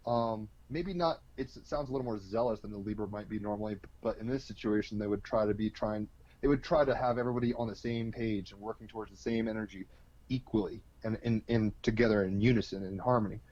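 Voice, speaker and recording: A man on as an astrology guest, telling an animated, rambling story, heavy with fillers. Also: on the low side, fast, lo-fi sound. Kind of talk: casual storytelling explanation.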